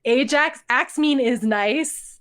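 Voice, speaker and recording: A young woman from Ontario, Canada, co-hosting a podcast in casual chat, animated and laughing often. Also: high-pitched, slow pace. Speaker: podcast co-host.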